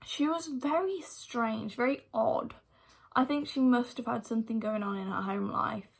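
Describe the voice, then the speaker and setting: A woman's voice: on the high side, moderate pace, creaky, breathy edge. Chatty young woman telling a story. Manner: chatty retelling full of "like" fillers; talks to viewers directly. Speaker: vlogger. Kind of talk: storytime vlog.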